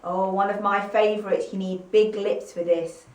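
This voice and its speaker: A woman teacher with an East Midlands English accent gives a phonics lesson to young children. She talks slowly in a sing-song, encouraging way and acts out each sound. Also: medium pitch, steady tone, a little mellow. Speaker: primary school teacher. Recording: echoey room, mic at a distance.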